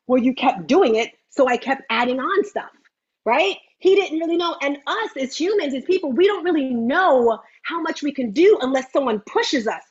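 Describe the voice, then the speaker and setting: A woman hosting a motivational livestream, talking in a chatty, animated way with teasing asides. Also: sits high, husky, muffled recording. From United States. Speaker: host. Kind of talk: lively motivational livestream talk.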